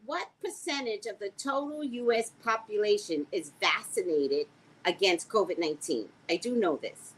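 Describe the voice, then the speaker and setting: A woman with a squeaky voice hosting a casual live stream, reading quiz questions to her viewers and bantering with them in a sassy way. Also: breathy edge, poor audio. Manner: sassy, animated, talks back to viewers.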